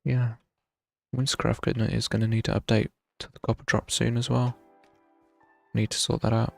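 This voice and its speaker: A man's voice: mid-range voice, flat delivery, moderate pace, creaky, no room sound, faint music behind. A young man chatting casually while streaming a game, thinking aloud with wry self-mockery. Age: young adult. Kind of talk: casual live gameplay commentary.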